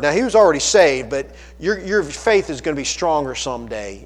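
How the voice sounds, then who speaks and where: A man preaching a sermon, emphatic and swelling into loud appeals, often restarting his phrases. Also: fairly high pitch, expressive, brisk, few pauses. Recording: long hall reverb.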